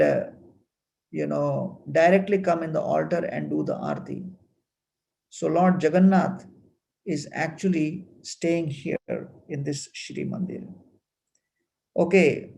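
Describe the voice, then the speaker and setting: A man giving a devotional talk, explaining temple wonders in an unhurried way with frequent fillers. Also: on the high side, vocal fry, mellow, low-quality recording. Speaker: temple speaker.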